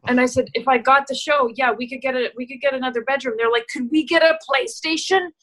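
A middle-aged actress telling stories in a casual interview, animated and laughing, acting out the voices she quotes. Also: sits high, quick pace, rough recording. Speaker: actress and guest.

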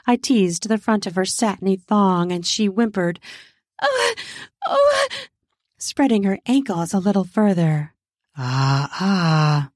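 Slow, intimate woman narrator. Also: mid-range voice, a little mellow, no room sound, clean studio sound. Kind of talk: adult audio story narration.

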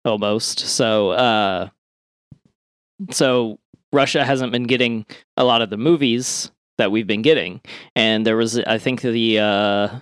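A man's voice: on the low side, steady tone, takes it slowly, fairly bright tone, clean tone, dry recording. A man co-hosting a casual comedy podcast, reading odd news and rambling with frequent laughs. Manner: rambling, laughs at own jokes.

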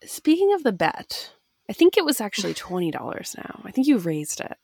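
A woman's voice: mid-range voice, big pitch swings, brisk, creaky, a little mellow, husky, no echo. A woman co-hosting a podcast in casual chat, enthusiastic and playfully teasing. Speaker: podcast co-host.

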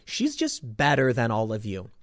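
A man delivering opinionated commentary, sarcastic and mocking, swinging between loud outbursts and muttered asides. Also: medium pitch, wildly swooping pitch, moderate pace, no echo, clean studio sound.

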